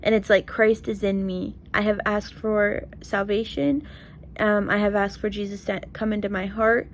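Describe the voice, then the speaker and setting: A young woman talking straight to her viewers in an earnest, emotional vlog, filling her sentences with "like" and "you know". Her pitch sits in a middle range for a woman. A faint hiss of noise stays under her voice. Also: flat delivery, moderate pace. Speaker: vlogger. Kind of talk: heartfelt casual vlog talk.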